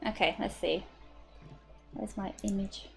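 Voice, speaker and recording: Woman, game master, halting, full of fillers, mid-pitched, faint music behind. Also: steady tone, gravelly. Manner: halting, lots of fillers and restarts. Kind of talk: narrating a tabletop game.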